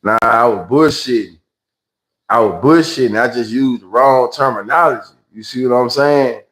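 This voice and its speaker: On a phone livestream, a Memphis-accented host spins a meandering, slang-filled tale and imitates the people in it. He talks at a moderate pace with a medium-pitched, slightly bright voice, and the recording is low quality.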